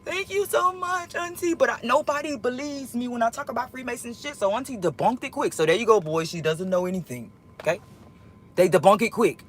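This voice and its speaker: A woman telling a personal story in a casual monologue, emotional and profane, rambling and swinging between loud outbursts and hushed asides. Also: fairly high pitch, brisk, a little hiss or hum. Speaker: storyteller vlogger.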